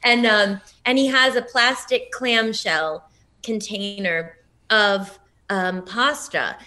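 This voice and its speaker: A woman's voice: mid-range voice, takes it slowly, pushed and bright, a little hiss or hum. A woman co-hosting a podcast, chatting casually in rambling sentences full of "like" and giggles. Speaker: podcast co-host. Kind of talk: casual chat.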